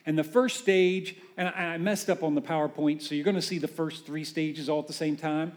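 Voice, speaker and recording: A man preaching a conversational sermon as a pastor, animated and full of rhetorical questions. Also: on the high side, a little fast.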